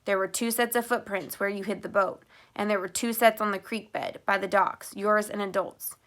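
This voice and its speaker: A woman reading an audiobook, voicing a steady middle-aged male sheriff who questions in a measured, even way. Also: medium pitch, lightly acted. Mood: calm probing.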